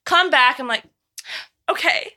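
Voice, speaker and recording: A young woman telling a story in casual chat, animated and laughing, with lots of "like" and swearing. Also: high voice, moderate pace. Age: young adult. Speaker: podcast co-host.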